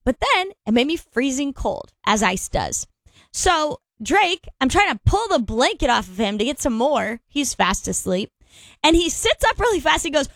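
A woman in her thirties, co-hosting a morning radio show and telling a story in a studio, animated and laughing as she acts out quotes. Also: high voice, moderate pace, no echo. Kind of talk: casual on-air storytelling. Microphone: studio microphone.

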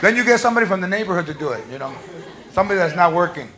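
Brash stand-up comic with crowd noise. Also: male voice, high-pitched, expressive, very fast, big-room sound. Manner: brash and profane, slips into voices. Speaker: stand-up comedian. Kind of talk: stand-up comedy routine. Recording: live club with crowd and noise.

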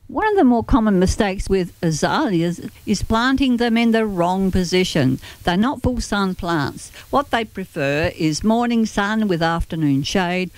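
A gardening show host walks listeners through frost care and planting in a chatty, explanatory manner. The voice sits at a middle pitch. It is recorded dry and close, with no room sound. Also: animated, measured pace, few pauses, dry recording. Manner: chatty, explanatory, with occasional light laughter. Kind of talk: gardening advice talk.

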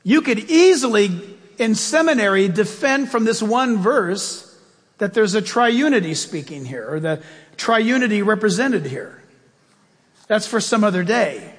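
A male pastor preaching a sermon with animated delivery, moving between loud raised bursts and low quiet asides. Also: husky. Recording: long hall reverb.

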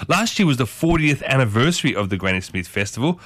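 A man's voice: mid-range voice, big pitch swings, quick pace, fairly bright tone, dry recording, clean studio sound. Chatty male radio host. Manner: chatty and enthusiastic, addresses listeners as folks. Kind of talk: casual radio chat.

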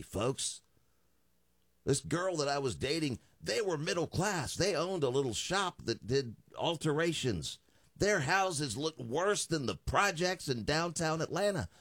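Animated male talk radio storyteller. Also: mid-range voice, no room sound. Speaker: radio talk show host. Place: radio studio.

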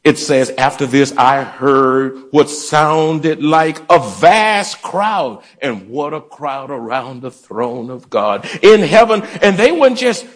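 A man's voice: on the high side, animated, slow pace, hardly any pauses. A man preaching a sermon to his congregation in church, calling out for responses and urging them to join in. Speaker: pastor. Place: church sanctuary.

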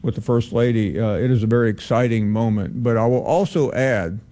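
A man hosting a call-in sports radio show, speaking in a relaxed way with many pauses. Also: medium pitch. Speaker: radio sports talk host.

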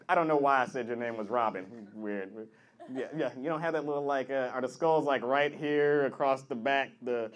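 A man hosting a comedy show and doing crowd work, teasing the audience loudly and playfully. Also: medium pitch, moderate pace. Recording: live club with crowd and noise.

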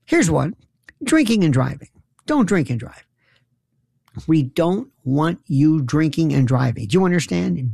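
A New York talk show host and former prosecutor delivers a rambling, sarcastic comic monologue packed with incredulous rhetorical questions. His voice is slightly high and creaky, with a darkish tone and a breathy edge, and there's no echo.

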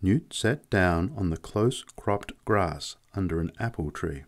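A man narrating a story as an audiobook, in a measured, unhurried way. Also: deep voice, expressive. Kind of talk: audiobook reading.

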